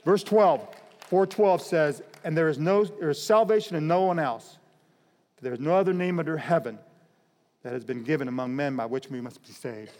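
A middle-aged male pastor delivers a sermon in a slightly higher voice, casual and conversational. He leaps into loud, emphatic bursts, then sinks to near-quiet asides. His voice rings with the long reverb of a large hall. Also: moderate pace. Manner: conversational preaching with sudden loud emphatic bursts and soft drops.

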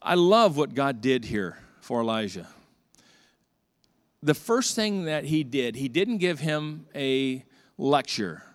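A man's voice: mid-range voice, slow, no room sound, clean studio sound. A middle-aged man, a pastor, preaching a sermon and telling stories with acted-out dialogue. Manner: storytelling with lively acted-out dialogue.

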